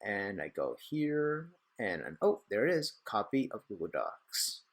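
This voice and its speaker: A young man hosting a casual screen-recorded software tutorial, chatty and rambling with self-deprecating asides. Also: fairly low pitch, big pitch swings, measured pace. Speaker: tech tutorial host.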